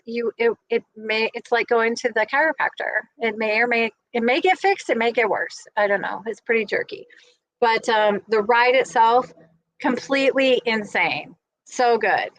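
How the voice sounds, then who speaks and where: A woman's voice: fairly high pitch, a bit bright, low-quality recording. A woman vlogger chatting to her viewers in a casual, gushing, rambling recap. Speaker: vlogger host.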